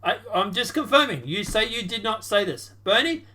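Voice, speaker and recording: A woman's voice: fairly high pitch, animated, normal speed, bright, forceful tone. A woman giving casual, sarcastic reaction commentary on a political debate, rambling with restarts. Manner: sarcastic, rambling, with restarts and mock-quoted voices.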